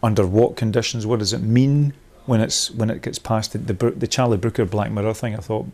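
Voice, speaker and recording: A man's voice: on the low side, steady tone, fairly quick, darkish tone. A man leading a workshop, thinking aloud in a rambling, discursive way, with many restarts, and laughing at his own points. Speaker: workshop leader.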